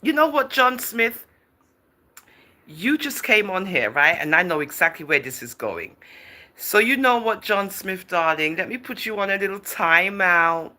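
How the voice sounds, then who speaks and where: Livestream host, woman, chatty and teasing, with a bright voice that swoops up and down; laughs a lot and answers comments as they come. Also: medium pitch, expressive, a little slow. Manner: chatty and teasing, often laughing, calls viewers darling and girl. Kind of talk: casual livestream chat, reading out viewer comments.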